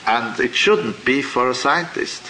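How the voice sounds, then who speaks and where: A man teaching a religious class, lecturing in a deliberate, halting way and asking rhetorical questions. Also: medium pitch, sharp tone, slight background noise, poor audio.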